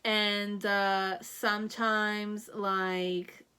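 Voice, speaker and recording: A woman's voice: mid-range voice, flat delivery, drawn-out words, pushed and bright, smooth. A woman giving a pick-a-card tarot reading, thinking aloud in a meandering way with many fillers. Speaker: tarot reader.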